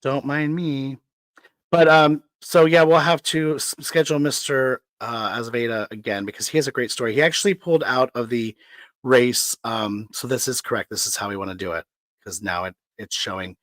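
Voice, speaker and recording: Excitable chatty man, dry sound. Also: moderate pace, no room sound. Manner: chatty and excitable, jumps up in pitch. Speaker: co-host. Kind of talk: casual talk show banter.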